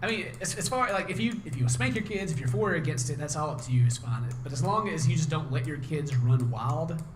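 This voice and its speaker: Brief: young man, mild Southern accent, fast rambling chatter, slightly high voice, roomy echo. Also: lively intonation. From Southern United States. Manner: rambling, heavy use of "like". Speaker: co-host in casual chat. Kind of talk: casual chat. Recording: roomy echo, faint background hum.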